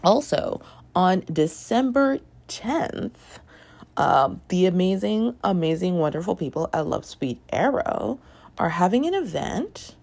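A young woman chatting casually in a book review vlog, animated and given to swearing and laughing. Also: on the low side, takes it slowly, gravelly.

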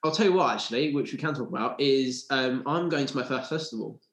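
A man chatting and joking with friends on a podcast, quick and self-mocking. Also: medium pitch, fairly bright tone, echoey room. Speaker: podcast co-host. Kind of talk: casual chat among friends.

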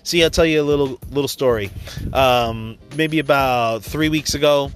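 A man talks through a motivational monologue in a casual, blunt way. He swears freely and tells stories from his own life. His pitch sits in a middle range, and soft music plays faintly behind him. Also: moderate pace. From New York area. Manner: blunt, profane, storytelling with acted-out quotes. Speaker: motivational speaker.

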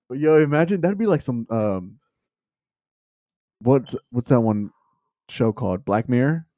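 Animated young man hosting, laughing often. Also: mid-range voice, unhurried, long pauses, no echo, dull audio. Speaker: podcast host. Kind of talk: casual chat.

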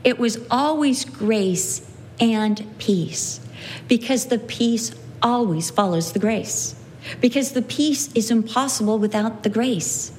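A woman's voice: a little high, unhurried, a little mellow, a little hiss or hum. A woman giving an earnest Bible teaching, repeating key phrases for emphasis and acting out quoted lines.

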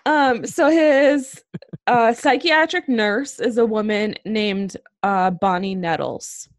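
A woman speaks slowly and haltingly, co-hosting a casual podcast as she tells a story. She keeps stopping for ums and restarts. Her voice is mid-pitched and sounds close and dry. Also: dry recording. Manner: hesitant, many ums and restarts. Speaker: podcast co-host telling a true-crime story.

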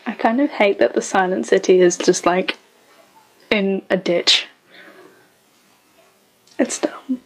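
A woman's voice: mid-range voice, takes it slowly, pauses often, breathy edge. Sarcastic woman reacting to a show. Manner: sarcastic, blunt, swears freely. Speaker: show reviewer. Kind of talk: casual reaction commentary.

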